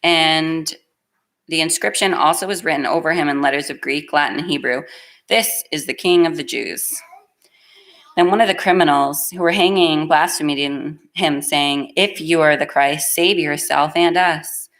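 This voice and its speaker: A woman's voice: sits low, normal speed, a bit bright. A middle-aged woman preaching in a church, reading scripture aloud and speaking in an earnest, emotional, plainspoken way.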